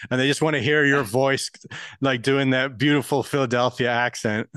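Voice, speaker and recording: A man's voice: medium pitch, normal speed, clear, resonant tone, no echo. A man co-hosting a podcast in casual chat, rambling and swearing as he muses, with a mixed accent. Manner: rambling, profane, animated musing. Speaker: podcast co-host.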